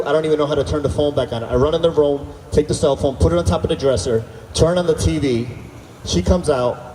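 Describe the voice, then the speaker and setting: Stand-up comedian, echoey outdoor PA sound. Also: male voice, a little high, fairly quick, far from the mic, slight background noise. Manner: animated storytelling, acting out dialogue with the crowd. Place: outdoor stage at a summer concert.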